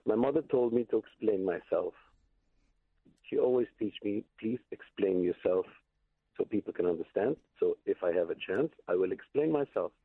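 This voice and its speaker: A man's voice: fairly low pitch, lively intonation, moderate pace, slightly rough, no room sound. A man calling in to a radio show who explains himself earnestly and defensively. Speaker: radio caller. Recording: tinny phone line.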